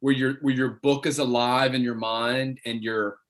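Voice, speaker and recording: A man's voice: mid-range voice, little pitch movement, normal speed. A man hosting an author interview over a video call, eagerly leading the questions. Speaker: host of an author interview series.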